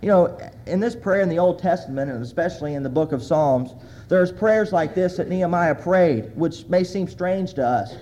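A man's voice: high-pitched, moderate pace, warm tone, highs cut off. A man preaching a sermon as a pastor, earnestly reading scripture aloud with emphasis.

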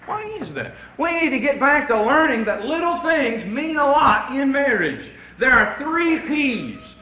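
A man preaching a sermon to a congregation, telling folksy stories in an animated way. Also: very high-pitched, a little slow, echoey room, low-quality recording.

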